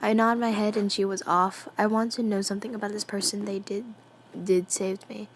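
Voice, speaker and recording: A woman reading a fan story aloud, quietly and half-whispered, giggling and breaking off to comment. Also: medium pitch, flat delivery, moderate pace, a little hiss or hum. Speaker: fan fiction reader.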